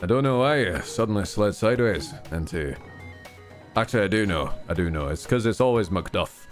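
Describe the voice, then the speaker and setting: A man's voice: lowish voice, animated, a little fast, faint music behind. A man live-streaming a game, chatting casually, rambling and swearing often with candid asides.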